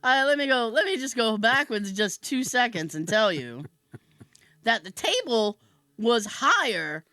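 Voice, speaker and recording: A woman podcast host tells a comic story at an easy, unhurried pace. Her voice climbs and dips with every beat, and she breaks into laughter often. The sound is close and dry, with no room in it. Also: a little high, sing-song, pushed and bright, no room sound. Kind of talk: casual comedic storytelling.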